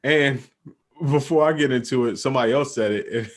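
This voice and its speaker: A man's voice: medium pitch, moderate pace. A young man co-hosting a podcast, talking casually in laid-back slang and saying "bro" a lot. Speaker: podcast co-host. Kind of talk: casual chat.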